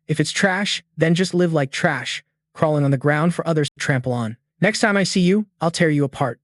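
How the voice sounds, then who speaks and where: A man's voice: on the high side, moderate pace, no echo, studio quality, close to an everyday voice. A man reading as a scornful old clan elder. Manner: scornful, threatening. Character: contemptuous old male dragon clan elder.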